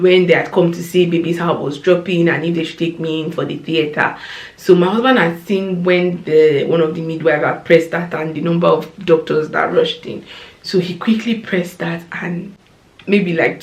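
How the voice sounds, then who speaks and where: Emotional woman telling a slow story. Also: fairly low pitch, reverberant. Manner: emotional, slow, drops to soft whispers. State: tearful. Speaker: vlogger, new mother. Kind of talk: storytime vlog.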